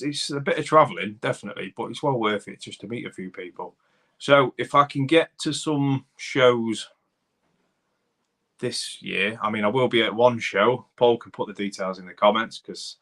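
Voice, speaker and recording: Brief: Doncaster-accented male streamer, thirties, rambling and matey, slightly low voice with a bright edge. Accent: Doncaster, South Yorkshire. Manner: rambling, chatty, addresses viewers as buddy and mate. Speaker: livestream host, car mechanic. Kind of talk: casual livestream chat reading comments.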